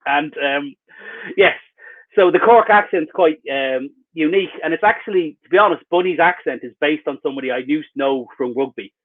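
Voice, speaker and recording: A man answers interview questions in a loose, rambling way, full of wry and self-mocking asides. His voice sits a little high. The sound is thin and tinny, as if it came through a phone line on a video call. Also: a little fast. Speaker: author being interviewed.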